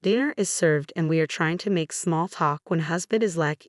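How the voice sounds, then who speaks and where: A woman with a low voice reads a personal story aloud in a flat, steady way. Her delivery is even and measured. The recording is dry and close, with no room sound. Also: dry recording. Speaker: story narrator. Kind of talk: reading a forum post aloud.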